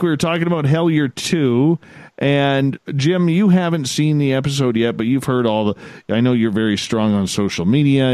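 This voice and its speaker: A man with a Canadian accent hosting a live radio talk show, with lively, joking announcer patter. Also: medium pitch, dry recording.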